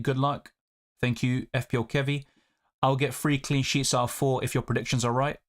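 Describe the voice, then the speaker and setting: A man, hosting a live stream and chatting through viewer questions and comments. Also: mid-range voice. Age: 20s. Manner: chatty, reads viewer comments aloud and answers them. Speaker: fantasy football streamer.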